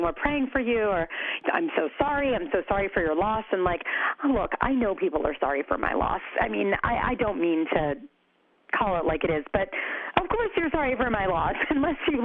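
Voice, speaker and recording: A woman speaks as a podcast guest, open and animated, her sentences full of "like" and "you know". Her voice comes through a thin, phone-like line. The sound is dry and close, with no room around it. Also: medium pitch, no room sound. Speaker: podcast guest, co-founder of a grief community. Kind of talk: conversational interview.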